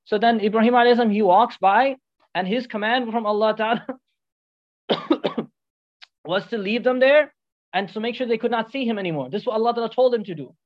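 A rapid preacher retells a story in a flowing sermon and keeps checking in with listeners with quick "right?"s. Short Arabic phrases are woven through the telling. The recording sounds muffled and lo-fi. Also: medium pitch. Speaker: religious teacher. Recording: dull lo-fi recording.

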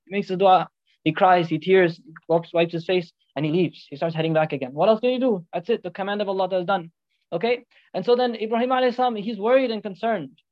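Fast-talking preacher telling a story. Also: medium pitch. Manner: checks in with listeners with "right?" and "okay?"; weaves short Arabic phrases into the telling. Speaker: religious teacher. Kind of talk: storytelling sermon. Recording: dull lo-fi recording.

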